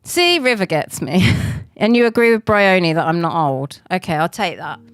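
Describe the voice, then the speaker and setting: A woman's voice: lowish voice, animated, moderate pace, dry recording, clean studio sound. A woman in her forties chatting casually to viewers on a live stream, rambling and laughing often. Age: 40s.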